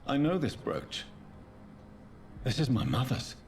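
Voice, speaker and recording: An actor playing a brooding young vampire doctor in a video game, speaking in a solemn, measured way. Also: male voice, sing-song, darkish tone, a little hiss or hum. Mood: grim. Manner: solemn, measured, low-key. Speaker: game protagonist.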